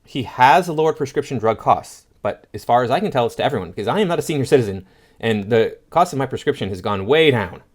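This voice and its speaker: A man's voice: medium pitch, animated, fast talker. A man hosting a political commentary show, reading posts aloud and answering them with scoffing sarcasm.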